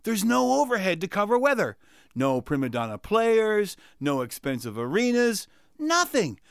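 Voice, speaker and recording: A man's voice: sits high, huge pitch swings, moderate pace, vocal fry, clean tone, no room sound, clean studio sound. A man performing comic sketches and a satirical monologue, sarcastic and exasperated. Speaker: comedy performer.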